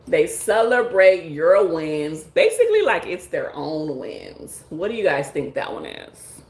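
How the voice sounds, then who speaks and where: This woman therapist, hosting a live stream with features, reads viewers' chat comments with playful liveliness, laughing a lot and acting out whoever she quotes. Her voice sits low, her pace is measured, and the recording is reverberant.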